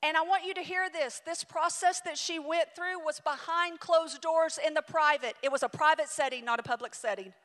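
High-pitched woman preaching in a hall. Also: moderate pace, few pauses. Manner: dramatic, swinging between loud and hushed. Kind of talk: sermon with storytelling. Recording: reverberant hall.

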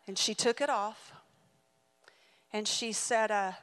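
A woman in her forties preaching a sermon and telling a story, swinging dramatically between loud and hushed delivery. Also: a little high, moderate pace. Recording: reverberant hall.

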